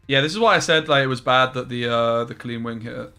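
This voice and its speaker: A young man streaming a card game, chatting loosely with his viewers as he plays. His voice is bright and forceful, with faint music underneath. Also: medium pitch, fast, clear, resonant tone. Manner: casual, chatty, reads chat aloud. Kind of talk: live-stream commentary while playing.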